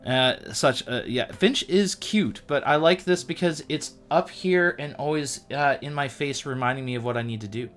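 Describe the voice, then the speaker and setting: A man's voice: medium pitch, normal speed, few pauses, a bit bright, faint music behind. A man hosting a casual livestream, chatting playfully and poking fun at himself. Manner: chatty and playful, with self-deprecating asides. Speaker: livestream host.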